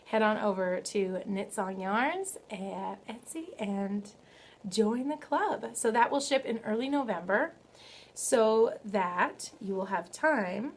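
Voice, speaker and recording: A young woman chatting casually on her crafting podcast, her voice sitting at an ordinary middle pitch. She is bubbly and eager, leans on fillers and corrects herself as she goes. A faint hiss sits under the home recording. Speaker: knitting podcast host. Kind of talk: casual video podcast chat. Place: home, early morning.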